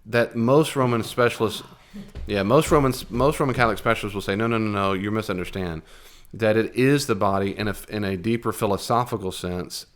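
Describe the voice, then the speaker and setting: A man's voice: fairly low pitch, brisk. A man teaching a Bible lesson in a conversational, digressive way, with emphatic asides.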